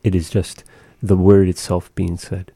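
A man's voice: deep voice, level tone, measured pace, warm tone, breathy edge, no room sound, studio quality. A man giving a patient one-on-one language lesson, carefully modeling and repeating pronunciations. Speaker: language teacher.

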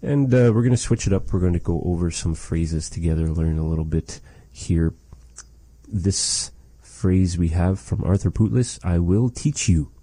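A man teaching a language lesson, patiently saying phrases slowly and repeating them for practice. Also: sits low, warm tone, slightly rough, no room sound.

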